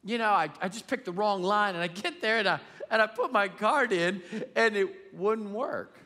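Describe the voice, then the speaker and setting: A man preaching a sermon as pastor, telling a story with humor in an animated, emphatic way and. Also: high voice, normal speed. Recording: long reverb of a large hall.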